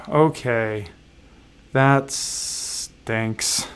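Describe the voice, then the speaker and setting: A man with a gravelly, creaky voice talks through the rules of a board game he is playing on a livestream. He pauses often with fillers and pokes fun at himself as he checks the rulebook. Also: medium pitch. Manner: halting, many fillers, self-deprecating asides. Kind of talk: casual rules walkthrough.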